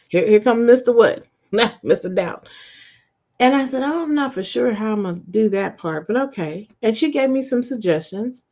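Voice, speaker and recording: Speaking at a moderate pace on a lo-fi recording, a woman hosts her podcast as a relaxed motivational conversation. She tells lively stories, laughs a lot, and jumps up in pitch when quoting her own words.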